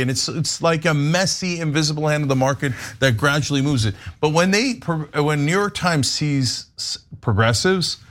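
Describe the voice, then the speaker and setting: A man's voice: on the high side, a bit bright. A middle-aged man hosting a casual political podcast chat, emphatic and laughing often. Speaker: podcast host.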